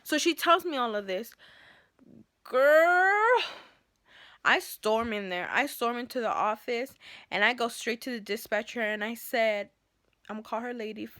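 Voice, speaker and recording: A woman telling an unscripted story of a clash at work straight to camera. She talks heated and animated, addressing her viewers like a close friend. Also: a little high, normal speed, dry recording. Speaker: school bus driver.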